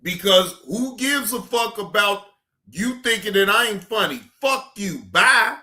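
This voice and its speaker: A livestream reaction host ranting at a viewer in the chat, profane and heated, often breaking into shouts and repeating dismissive goodbyes. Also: mid-range voice, expressive, measured pace. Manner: repetitive dismissive sign-offs.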